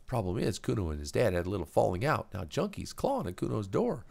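A man's voice: fairly low pitch, huge pitch swings, fast talker, gravelly, a little mellow, pitched above the performer's own voice, heavily acted. A man voicing a foul-mouthed, volatile teenage boy drug dealer who talks about himself in the third person, with a strained, worn voice. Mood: boastful.

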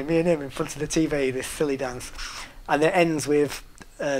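With a northern English accent and a fairly high-pitched voice at normal speed, a middle-aged storyteller wanders through a casual anecdote, full of fillers, restarts and hesitation, chuckling at his own story. A little hiss or hum sits under the recording.

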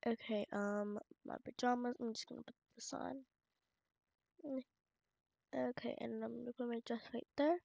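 A woman's voice: fairly high pitch, steady tone, normal speed, vocal fry, long pauses, dark tone, no room sound. A woman hosting a channel who narrates a casual game story aloud as she plays, chatty and rambling. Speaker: channel host. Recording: dull lo-fi home mic, dry. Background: family noise in the home.

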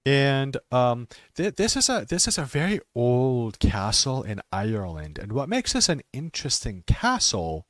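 A man who talks slowly and simply for English learners, with many restarts, and sometimes trails off into quiet muttering. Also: mid-range voice, sing-song, no echo, clean studio sound. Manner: slow, simple wording with many restarts and fillers; drops to quiet mutters while fixing his stream. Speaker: ESL teacher streaming. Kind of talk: casual talk for English learners.

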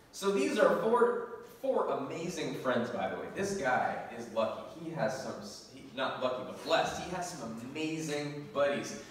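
A man's voice: fairly high pitch, a little hiss or hum. Man preaching in an echoey church. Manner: animated storytelling with laughs and scripture reading. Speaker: pastor. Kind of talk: sermon. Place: church sanctuary. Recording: echoey church hall from far off.

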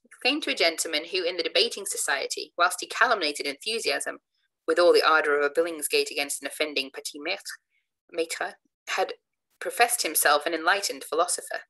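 A woman narrating an old Gothic novel in a steady, formal reading voice. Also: sits low, a little fast, rough recording. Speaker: audiobook narrator.

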